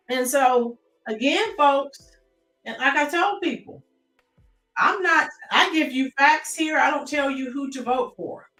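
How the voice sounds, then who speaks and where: High-voiced American woman, chatty live-streamer. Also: pushed and bright, reverberant, distant mic. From United States. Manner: chatty, greets chat viewers by name, keeps calling out to folks.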